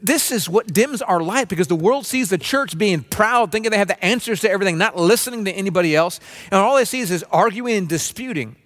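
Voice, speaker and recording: A pastor delivering a sermon in an earnest, preacherly way, acting out grumbling voices. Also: male voice, high-pitched, a bit bright. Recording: long reverb of a large room.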